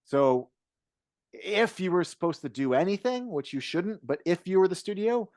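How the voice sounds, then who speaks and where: A man's voice: sits high, expressive, normal speed, darkish tone, no echo. Dry-sounding man discussing films casually. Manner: rambling, frequent restarts, casual swearing. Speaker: podcast co-host.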